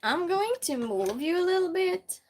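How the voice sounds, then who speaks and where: A woman's voice: extremely high pitch, sing-song, moderate pace, noisy background. A woman chatting casually with her live-stream viewers and answering their messages as she moves things around her small space. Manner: chatty, reads and answers chat while moving things around.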